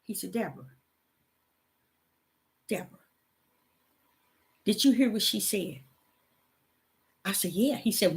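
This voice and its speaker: A middle-aged woman preaching a sermon, moving from hushed storytelling to loud, emphatic exhortation. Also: medium pitch.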